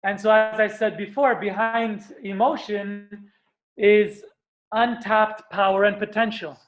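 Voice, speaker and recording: Earnest male spiritual teacher, animated motivational talk. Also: sits high, a little slow. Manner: earnest, animated, acts out screams and stomps.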